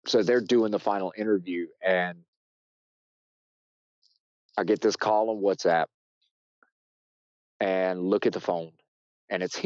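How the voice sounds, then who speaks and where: A deep-voiced man from the United States rambles through a story as a podcast guest, restarting phrases and leaning on fillers. He gets loud when he acts out what people said. The audio is dry and muffled. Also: no echo. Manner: shouts loudly when acting out quotes. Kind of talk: casual storytelling.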